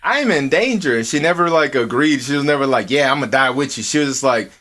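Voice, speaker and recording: A man co-hosting a podcast, telling a story in casual, profanity-heavy talk, acting out quotes in a high voice. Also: fast talker. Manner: swears a lot, animated, acts out quotes in a high voice. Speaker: podcast co-host. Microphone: earphones with mic.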